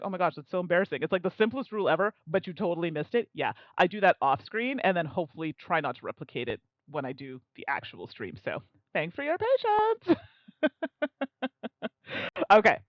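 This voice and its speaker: A young woman streams a solo board game, thinking aloud in a chatty, self-mocking way and laughing often. Her pitch swings widely from line to line. The sound is dry and a little dull, from a desk mic. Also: no echo. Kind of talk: casual live-stream commentary.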